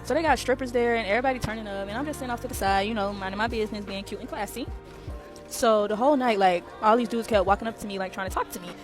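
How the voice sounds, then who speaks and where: Quick, chatty woman telling a storytime. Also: medium pitch, faint music behind. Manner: chatty, addresses viewers as y'all. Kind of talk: casual storytime. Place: airport.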